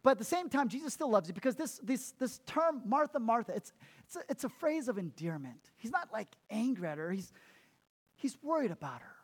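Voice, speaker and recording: A man's voice: very high voice, very animated, fairly quick. Emphatic man preaching a sermon. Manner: emphatic, repeats words, laughs at himself. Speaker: pastor.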